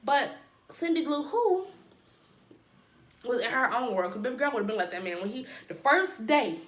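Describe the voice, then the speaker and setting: A woman with a fairly high voice tells a personal story in a casual vlog. She throws in dramatic asides and playful sound effects. Her voice rings in a roomy, echoey space. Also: very animated, moderate pace, fairly bright tone. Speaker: storytime vlogger.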